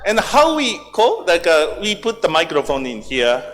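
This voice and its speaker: A man with a Japanese accent, a native Japanese speaker, giving a humorous training lecture in halting English and laughing often while he tells stories. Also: on the high side, wildly swooping pitch, fairly bright tone, big-room sound. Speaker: workshop lecturer. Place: large training hall.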